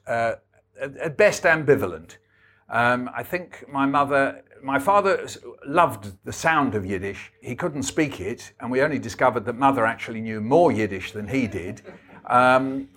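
An older man talks through his memories at a book event. His delivery is wry and anecdotal, unhurried, sitting at an ordinary middle pitch. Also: a bit bright. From England. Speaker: author guest. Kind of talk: storytelling book talk.

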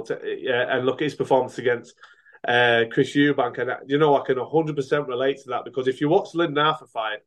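A middle-aged man, a boxer turned coach, speaking in a mid-pitched voice. He talks frankly in a loose, rambling way, often restarting his sentences and leaning on fillers as he tells his story. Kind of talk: casual interview talk.

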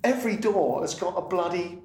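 A middle-aged man with a British accent, a comedian guest telling an animated anecdote in casual chat. He laughs freely and swears often. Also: high voice, brisk. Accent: British English. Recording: roomy and distant with faint noise.

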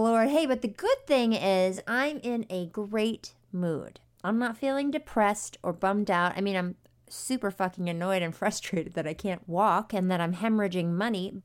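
A woman hosting a podcast in casual chat, candid and laughing often, talking freely with swear words. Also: mid-range voice. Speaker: podcast host. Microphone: desk mic.

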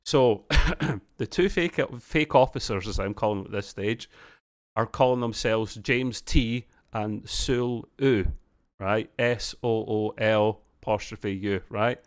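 A man's voice: lowish voice, slow. A man co-hosting a podcast, rambling through a casual TV episode review with frequent restarts. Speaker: podcast co-host.

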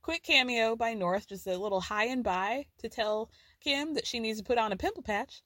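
A woman with a fairly high voice hosts a casual recap podcast. She talks in a chatty, profane way and laughs often. The sound is dry and close, with no room in it. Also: moderate pace, fairly bright tone, no room sound. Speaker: podcast host. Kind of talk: casual pop culture recap.

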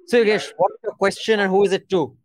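A man's voice: high voice, fast talker, no echo. Chatty man hosting a podcast. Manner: chatty, teasing, rambling with fillers. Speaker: podcast host. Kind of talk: casual panel chat.

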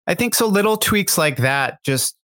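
A man's voice: high voice, lively intonation, moderate pace, a bit bright. Chatty man rambling through his thoughts. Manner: rambling and thoughtful, many fillers and restarts. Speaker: guest. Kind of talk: casual interview talk.

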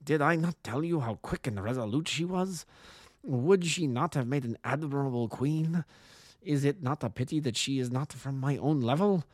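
A man voicing an excitable, emotional middle-aged king who exclaims effusively. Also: medium pitch, moderate pace, no echo, clean studio sound, lightly acted.

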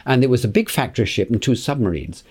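A man's voice: mid-range voice, expressive, quick pace, a little mellow, slightly rough. A man, telling long personal stories as an interview guest, chuckling and repeating words as he recalls them. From England. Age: 80s. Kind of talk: anecdotal storytelling in conversation.

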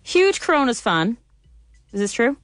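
A woman co-hosting a radio show, teasing and quick to laugh. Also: on the high side, very animated, dry recording. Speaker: radio co-host.

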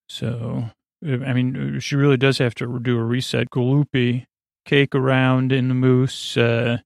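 A man hosting a sleep podcast who recaps at a slow, rambling pace, halting with many fillers and self-corrections. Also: mid-range voice, vocal fry, no room sound, clean studio sound. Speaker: podcast host.

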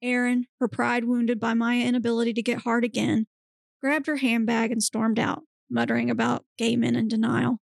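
A woman hosting a podcast, reading a comic erotic story aloud in a steady, deadpan manner. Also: a little high, moderate pace, vocal fry, dry recording, clean studio sound. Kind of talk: dramatic reading of erotic fiction.

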